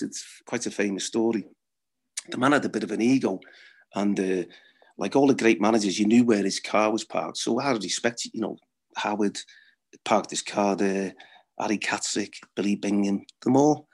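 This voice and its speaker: Middle-aged ex-footballer, husky voice, blunt and laughing anecdotal guest. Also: male voice, on the low side, darkish tone. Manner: blunt, swearing, laughs at own stories. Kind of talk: anecdotal storytelling.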